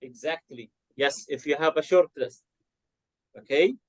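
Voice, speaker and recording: A man's voice: fairly high pitch, unhurried, a little mellow. A man with an Arabic accent teaching an online English class, mixing in Arabic and quizzing his students. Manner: switches between English and Arabic, asks students questions.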